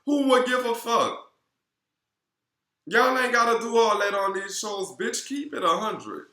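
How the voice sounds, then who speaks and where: Recap vlogger, male, New Orleans accent; sassy and animated, a touch high-pitched, in an echoey room. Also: unhurried. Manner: sassy, animated, swears constantly, calls viewers girl. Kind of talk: casual profane gossip recap. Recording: roomy echo.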